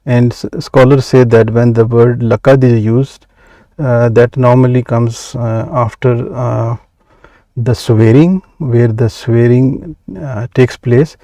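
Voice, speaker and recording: Slow-paced man teaching Arabic grammar. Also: mid-range voice, fairly even intonation, mellow, no room sound. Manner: measured, many "uh" pauses, slow deliberate explanation. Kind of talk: explaining grammar from a workbook.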